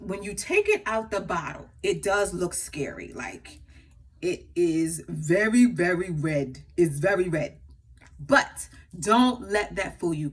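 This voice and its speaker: A woman's voice: on the low side, husky. A woman chatting casually as she walks through her own makeup routine, laughing now and then. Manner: chatty, laughs often, talks while applying makeup. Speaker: makeup artist vlogger. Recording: voice from a distance from the mic.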